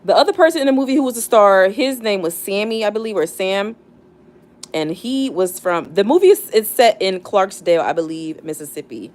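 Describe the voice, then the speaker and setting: A woman's voice: medium pitch, big pitch swings, brisk, darkish tone. A young woman hosting a casual live stream, chatting and reflecting with many fillers and restarts. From United States, not the South. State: near tears. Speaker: livestream host.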